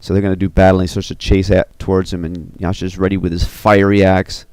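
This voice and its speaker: A man casually recounting the scenes of an animated film, animated and full of "you know" and "uh". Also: low voice, quick pace, clear, resonant tone, no echo. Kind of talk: casual retelling.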